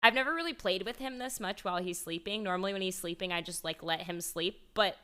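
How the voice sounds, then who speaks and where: A woman's voice: fairly low pitch, quick pace, pushed and bright, clear, resonant tone. A young woman streamer in casual chat, talking freely with lots of fillers and casual swearing.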